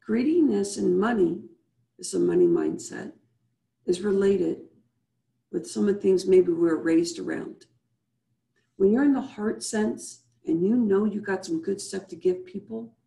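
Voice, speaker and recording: A woman's mellow, gravelly voice comes over a video call, echoing in the room. She coaches her audience with repeated rhetorical questions and guides them through slow breaths. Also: medium pitch. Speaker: host and business coach. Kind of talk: motivational show wrap-up with guided breathing.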